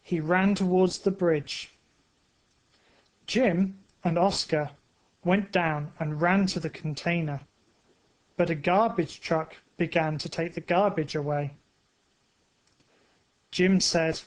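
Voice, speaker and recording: A man narrates a simple story for English learners in a high, light voice. He reads very slowly, pausing between short phrases so each sentence lands clearly. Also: fairly even intonation. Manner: careful, evenly spaced phrasing. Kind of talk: slow graded-reader narration for English learners.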